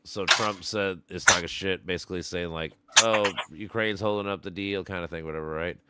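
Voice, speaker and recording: A man's voice: sits low, steady tone, a little fast, very noisy. A man hosting a casual stream, talking bluntly with lots of swearing and laughing. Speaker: stream host. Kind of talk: casual profane chat.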